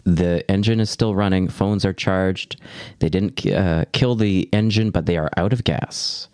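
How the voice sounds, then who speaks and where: Picture a man with a very low, deep voice, close on a dry, dead-sounding mic. He recaps a film plot in an even, steady way and trades jokes with friends. The tone is loose and casual. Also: unhurried, smooth, no echo. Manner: joking, reads the synopsis in a plain steady way. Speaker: podcast host.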